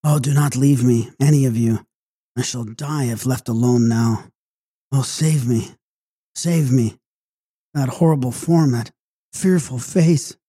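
A woman's voice: very deep voice, slow, mellow, slightly rough, dry recording, heavily acted. A man reading a horror audiobook, voicing a terrified young woman who pleads in trembling cries. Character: terrified young woman after a vampire attack. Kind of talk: audiobook character voice.

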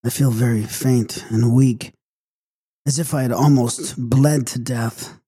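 A woman's voice: a bass voice, fairly even intonation, slow, warm tone, slightly rough, no room sound, full character voice. A man reading a horror audiobook, voicing a terrified young woman who pleads in trembling cries. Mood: shaken. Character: terrified young woman after a vampire attack. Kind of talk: audiobook character voice.

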